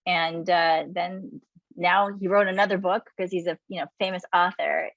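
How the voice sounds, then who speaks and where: Upbeat, chatty female webinar host with a lowish voice; dull, lo-fi call audio in a dry room. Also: steady tone, normal speed, a bit bright, dry recording. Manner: chatty, upbeat, laughs easily. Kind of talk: introducing a guest on a webinar.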